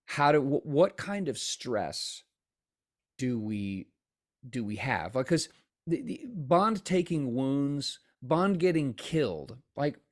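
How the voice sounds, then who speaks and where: An American man co-hosting a podcast, enthusiastically building on ideas and peppering his talk with "like.". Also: mid-range voice. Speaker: podcast co-host. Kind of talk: casual discussion of game design.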